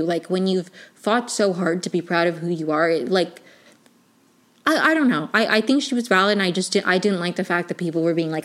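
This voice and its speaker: Young woman, slightly low voice, casual vlog reviewer, rambly and gushing, lots of filler words. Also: brisk. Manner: rambling, many "like" fillers and restarts; gushing, emotionally invested. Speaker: TV review vlogger.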